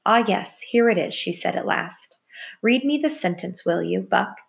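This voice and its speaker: A woman voicing a clever female mouse who teaches, speaking in a brisk, teacherly manner. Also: medium pitch, lively intonation, creaky.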